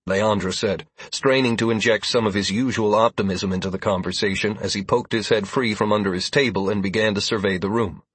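A man reads a first-person fantasy novel aloud in a measured, even way. His voice sits low and husky. The sound is dry and close. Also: dry recording. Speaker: audiobook narrator.

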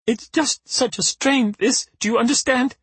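A man voicing a flustered adult woman learning to drive, shouting in a high, shrill voice. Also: expressive, fast talker, husky, dry recording. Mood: sobbing.

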